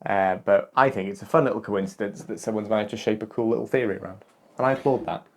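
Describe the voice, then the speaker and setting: A man co-hosting a podcast in casual chat, measured and hedging as he thinks aloud. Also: fairly low pitch. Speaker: podcast co-host.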